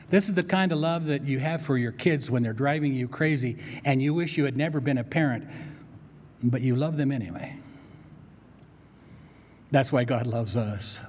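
A man preaching a sermon as pastor, animated and storytelling, with playful asides to his congregation. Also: a little high. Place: church sanctuary. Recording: long reverb from a church hall.

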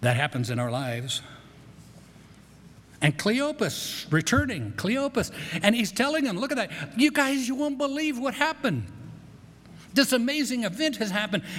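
Man, pastor, conversational sermon, fairly high voice, long reverb of a church hall. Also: fairly bright tone. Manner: conversational, repeats words, quick asides.

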